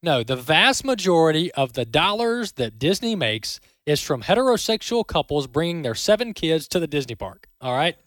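A man's voice: on the high side, big pitch swings, normal speed, few pauses, a bit bright, no room sound. Emphatic male commentary host, dry sound. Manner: emphatic, repeats words, tags with "all right?". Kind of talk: opinion commentary.

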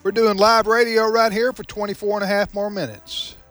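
A man's voice: high-pitched, level tone, fairly quick, a bit bright, faint music behind. A man hosting a live talk radio show, chatting casually and asking his co-hosts questions. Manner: chatty, upbeat, asks questions. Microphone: studio microphone.

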